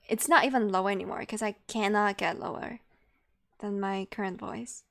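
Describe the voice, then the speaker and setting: A woman's voice: medium pitch, steady tone, normal speed, gravelly, pauses often, fairly bright tone. A woman streamer chatting casually and playfully with her viewers, giggling often. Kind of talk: casual live-stream chat.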